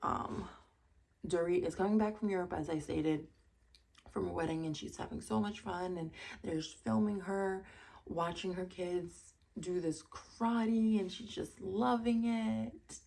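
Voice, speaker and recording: A woman casually recapping a reality TV episode, chatty and quick to laugh, with incredulous asides. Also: lowish voice, creaky, a little mellow.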